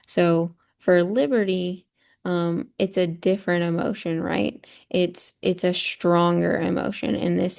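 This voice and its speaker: Woman teacher, low-pitched, gravelly edge, patient step-by-step explainer for a screen-share lesson. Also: little pitch movement, unhurried, darkish tone. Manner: patient, checks in with rhetorical "right?".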